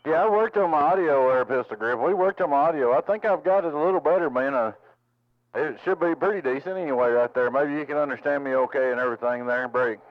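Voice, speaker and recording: A man's voice: a little high, fast, highs cut off. A man at his home radio station, chatting on CB and repeating call signs and handles in radio lingo. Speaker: CB radio operator.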